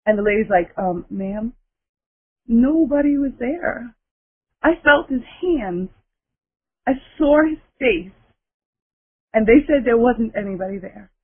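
A woman's voice: on the high side, expressive, takes it slowly, long pauses, husky. Woman telling a rescue story over a tinny phone line. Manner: breathless, emphatic storytelling.

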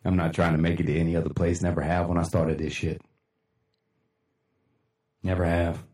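Low-voiced guy cussing his way through a motivational livestream, echoey room. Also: flat delivery, normal speed, darkish tone, recorded from a distance. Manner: blunt, profane, rambling, laughs often. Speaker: livestream host. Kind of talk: casual motivational livestream talk.

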